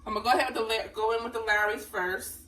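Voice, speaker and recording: A woman's voice: fairly high pitch, fairly even intonation, fast talker, pushed and bright, far from the mic. A woman vlogger, chatting to her viewers as she cooks dinner and calling them honey. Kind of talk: casual cooking vlog. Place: home kitchen. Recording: voice a bit off-mic with faint room noise.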